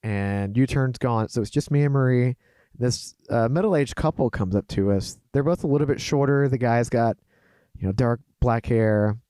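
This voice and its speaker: A man co-hosting a podcast in casual chat, a relaxed and wry storyteller who often chimes in with short agreements. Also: mid-range voice, normal speed, clean tone, no room sound. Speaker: podcast co-host.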